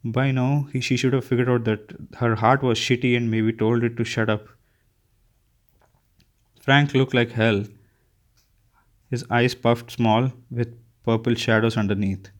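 A man's voice: mid-range voice, level tone, unhurried, long pauses. A man reading a first-person novel aloud, unpolished, often stumbling and restarting words. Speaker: audiobook reader.

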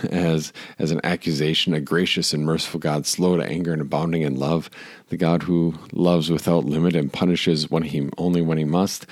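A man with an extremely deep voice reads a scripture passage and then preaches on it. The sound is dry and close, with no room echo. He breaks up his teaching with chuckles and rhetorical questions. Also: a little mellow. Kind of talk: scripture reading and sermon.

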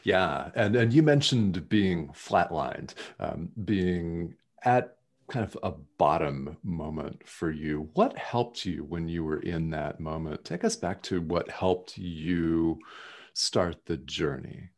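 Very low-voiced man co-hosting. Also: animated, slow. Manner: brief prompting questions, backchannels. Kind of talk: casual podcast interview.

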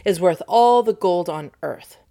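A woman's voice: on the low side, animated, a little slow, vocal fry, dark tone, no room sound, studio quality. A woman voicing a grieving, despairing king in a storybook reading, pleading and anguished.

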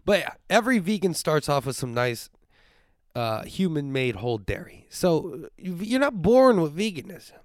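A man's voice: a little high, very animated, normal speed, no room sound, clean studio sound. A sick, congested young man hosting his podcast, rambling and joking with plenty of swearing. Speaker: podcast host. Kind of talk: casual comedic monologue.

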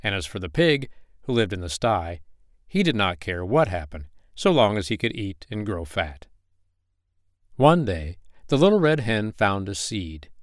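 A man reading a bedtime story aloud as a podcast host, with gentle, expressive storybook narration. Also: lowish voice, measured pace, no room sound, studio quality.

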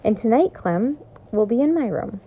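A woman voicing a caring mother in a children's storybook reading, gentle and reassuring. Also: a little high, lively intonation, moderate pace, breathy edge, lo-fi sound, voice pushed up.

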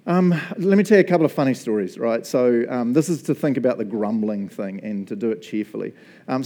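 A man with a New Zealand accent preaching a casual, jokey sermon full of stories. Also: mid-range voice. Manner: chatty, jokey, animated storyteller.

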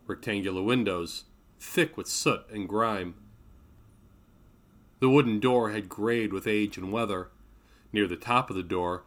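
A man reading his own novel aloud in a measured, steady narration. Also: fairly low pitch. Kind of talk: audiobook narration.

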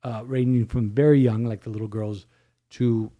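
Brief: male priest co-host, animated storyteller, mid-pitched, chatty. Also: moderate pace, lo-fi sound. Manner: animated storytelling, many restarts. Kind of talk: casual chat.

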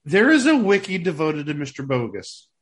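Wry podcast co-host, man, high-pitched, chatty and amused. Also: very animated, normal speed. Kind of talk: casual chat.

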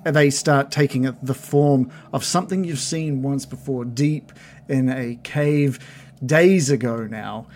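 A man narrating as game master of a tabletop game, describing scenes with many fillers and pauses. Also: medium pitch, darkish tone, a little hiss or hum.

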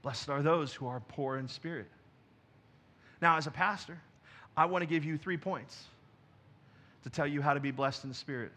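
A man preaching from a church stage moves between gentle, intimate lines and emphatic, loud ones. His pitch sits on the high side, his speed is normal, and he leaves long pauses.

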